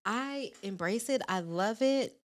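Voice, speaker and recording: A woman's voice: fairly high pitch, animated, slow. A woman in her late thirties co-hosting a podcast, candid and supportive, with frequent short agreements. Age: 30s. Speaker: podcast co-host. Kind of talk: casual chat.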